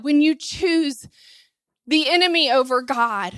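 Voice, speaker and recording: A woman preaching a fervent sermon in a high, bright, piercing voice. She drives her points home with repeated lines and pointed rhetorical questions. The sound is close and dry. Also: unhurried, dry recording. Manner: impassioned, rising to near-shouting at climaxes; rhetorical questions and emphatic repetition.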